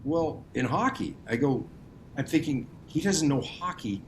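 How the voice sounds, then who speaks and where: This middle-aged man from Montreal tells his stories with a lot of spark, leaning on "listen" and "you know" between thoughts. His voice sits at an ordinary pitch for a man, with a soft low rumble in the background. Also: unhurried. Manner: animated storyteller, hands off lines with "listen" and "you know". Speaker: guest, hockey gear maker. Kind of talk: casual podcast conversation.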